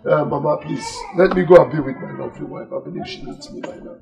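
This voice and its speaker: A man's voice: fairly high pitch, wildly swooping pitch, fast, creaky, muffled recording, exaggerated voice. A Nigerian man playing a harried married son who pleads with his mother and turns down her plans. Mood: exasperated. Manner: pleading, exasperated. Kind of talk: Nollywood film acting.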